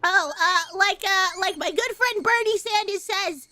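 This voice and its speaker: A young woman streamer chatting casually to her viewers, rambling, swearing and laughing loudly and often. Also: very high-pitched, very animated, normal speed, hardly any pauses, slight background noise. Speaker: streamer and voice actor. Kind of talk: casual live-stream chat.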